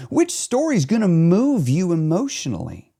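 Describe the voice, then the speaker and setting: A man who is a weight loss coach, talking in a casual solo podcast monologue, animated and emphatic, with some swearing. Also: high-pitched, normal speed, creaky, breathy edge.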